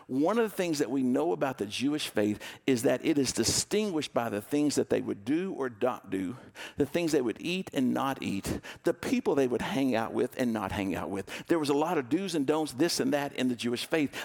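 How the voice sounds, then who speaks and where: Pastor guy preaching, gravelly edge to his voice, acts out the story people as he goes. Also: medium pitch, darkish tone. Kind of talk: sermon storytelling.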